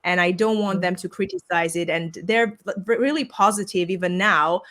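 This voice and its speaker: A woman with a somewhat low voice hosts a podcast over a remote call. Her first language is Armenian, and she talks in an earnest, reflective way, often pausing to search for the right word. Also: fairly bright tone. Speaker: podcast host. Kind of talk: casual video-call conversation. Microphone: remote call microphone.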